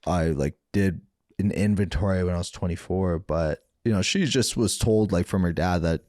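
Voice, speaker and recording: Low-voiced man telling raw stories. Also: normal speed, a little mellow, dry recording, studio quality. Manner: rambling, profane, acts out quoted voices. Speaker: podcast guest, former fighter. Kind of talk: candid storytelling interview.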